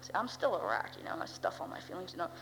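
A woman's voice: on the low side, big pitch swings, fast talker. Rambling wry teen girl in a reverberant hall. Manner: rambling, wry, full of "you know" and "uh". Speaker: speaker sharing her story. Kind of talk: personal recovery testimony. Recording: long hall reverb with faint hum.

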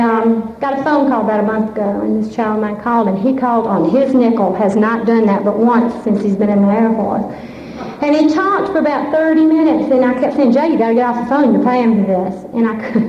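Woman, forties, nervous heartfelt testimony, higher voice, muffled lo-fi sound. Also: warm tone. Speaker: speaker at a recovery fellowship meeting. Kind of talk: personal testimony speech. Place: large meeting hall. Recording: echoey hall, muffled lo-fi sound, faint hiss.

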